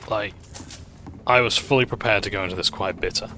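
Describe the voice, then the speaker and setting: A man's voice: lowish voice, brisk, bright, forceful tone, a little hiss or hum. Rambling man commenting on a game. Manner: rambling, hesitant, full of fillers. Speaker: gaming channel host. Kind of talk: casual gameplay commentary.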